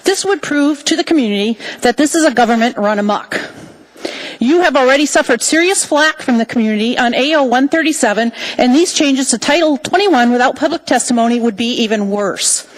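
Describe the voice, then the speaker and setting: A woman's voice: sits high, lively intonation, a little fast, rough recording. A woman giving impassioned public testimony at a city assembly, indignant and full of rhetorical questions. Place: council chamber.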